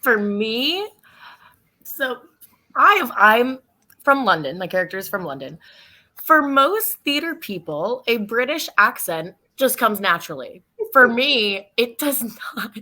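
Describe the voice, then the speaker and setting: Bright-voiced woman, self-deprecating. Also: a little high, big pitch swings, measured pace. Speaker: actor. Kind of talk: casual panel chat.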